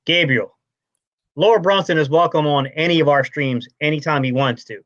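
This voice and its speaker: A man co-hosting a casual fan sports stream, talking in a brash, animated way. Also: a little high, normal speed, no echo. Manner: animated, brash, says bro a lot. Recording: dull lo-fi stream audio.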